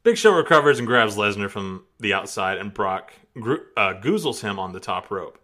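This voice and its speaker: Guy reading a wrestling recap on a podcast, bright voice, pitch jumps around a lot, keeps laughing. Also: very animated, moderate pace. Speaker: podcast host recapping a match. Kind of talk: casual play-by-play recap.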